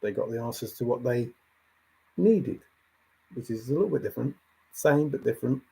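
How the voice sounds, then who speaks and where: A man's voice: medium pitch, expressive, moderate pace, gravelly, warm tone, husky. A man hosting a livestream, thinking aloud in a rambling way and answering chat comments as they come in. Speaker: livestream host.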